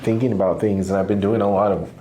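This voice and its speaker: A man's voice: on the low side, steady tone, quick pace, warm tone, reverberant. A man in his forties, a patient, talking casually and reflectively with frequent laughs. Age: 40s. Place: treatment room.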